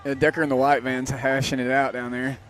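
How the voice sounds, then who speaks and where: A man giving quick play-by-play commentary at a demolition derby outdoors. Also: mid-range voice, level tone, a bit bright. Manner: quick play-by-play, short remarks. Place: outdoors at a racetrack.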